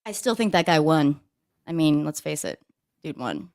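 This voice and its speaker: A woman co-hosting a casual talk show, telling stories in a brash, profane, animated way. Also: sits low, moderate pace. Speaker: co-host.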